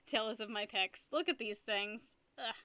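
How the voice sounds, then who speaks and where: A young woman chats with her stream viewers in a high, bright, lively voice. She is playful and giggly and laughs at herself a lot. The sound is close and dry. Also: no room sound. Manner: playful, giggly, self-mocking. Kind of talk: casual live-stream chat.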